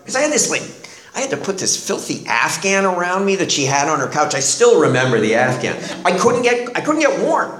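A man's voice: high voice, very animated, brisk, fairly bright tone. A middle-aged man telling his recovery story in a candid, self-deprecating way, laughing at himself as he goes. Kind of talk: personal recovery talk. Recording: echoey room.

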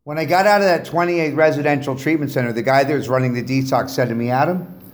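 A man's voice: medium pitch, fast talker. A middle-aged man giving a personal testimony to a recovery meeting, telling stories with humor and animation. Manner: animated storytelling, jokes with the audience. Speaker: guest speaker at a recovery meeting. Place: meeting room with a live audience.

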